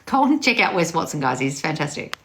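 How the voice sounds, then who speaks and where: A woman's voice: low voice, big pitch swings, brisk, creaky, a little hiss or hum. A woman talking as a manifestation coach, blunt, scolding and heavy on swearing. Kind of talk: confrontational coaching monologue.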